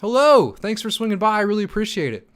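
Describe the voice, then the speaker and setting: A young man hosting a livestream Q&A, reading chat comments aloud and answering in a hyped, fast manner with many ums and restarts. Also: high voice, a bit bright. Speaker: stake pool operator and channel host.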